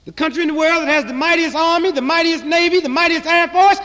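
Fiery high-voiced man orating in a hall. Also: lively intonation, a little fast, hardly any pauses. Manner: impassioned, rhythmic, sarcastic, swings from loud to hushed. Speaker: political activist speaker. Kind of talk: fiery speech to a live audience. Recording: long reverb in a large hall.

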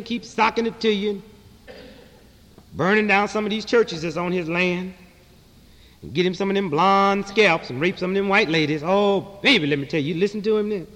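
A man delivering a fiery speech to a live audience, impassioned, rhythmic and sarcastic, swinging from loud to hushed. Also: sits high. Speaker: political activist speaker. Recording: long reverb in a large hall.

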